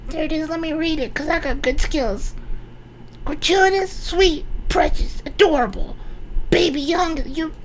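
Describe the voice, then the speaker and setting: A woman's voice: high-pitched, unhurried, slight background noise, poor audio. A woman voicing a tiny, vain baby boy mascot who reads super chats on a livestream, sweet-voiced and boastful. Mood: cute boastful. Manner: sweet-voiced and boastful, then suddenly rowdy. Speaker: super chat reader. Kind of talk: livestream comedy bit.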